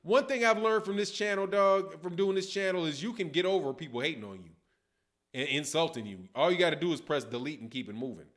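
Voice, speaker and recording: A man hosting a boxing channel live stream, reading viewer comments and answering them in casual, animated talk. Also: on the high side, fairly quick. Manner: animated, addresses viewers, reads comments aloud.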